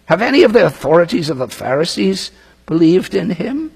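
A man's voice: sits high, very animated, brisk, creaky, a little mellow, slightly rough. A man preaching a sermon, reading scripture aloud and commenting on it in a conversational way. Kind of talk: sermon, expository Bible teaching. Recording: long reverb of a large hall.

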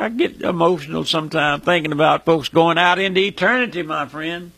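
A man preaching a fiery sermon, emphatic and repetitive, who cries out in sudden high bursts. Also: a little fast, vocal fry, few pauses, a bit bright, husky.

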